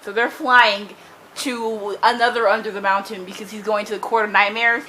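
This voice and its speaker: A young woman recapping a novel in an excited reading vlog, gushing and dramatic, breaking into screams and laughs between run-on summaries. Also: medium pitch, normal speed, a little hiss or hum, low-quality recording. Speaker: book vlogger.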